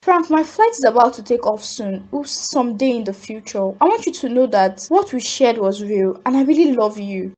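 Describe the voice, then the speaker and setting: A woman with a Nigerian accent voicing a proud young woman in an animated drama, sharp and dismissive. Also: fairly high pitch, normal speed, hardly any pauses. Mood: regretful. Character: proud young woman leaving her lover.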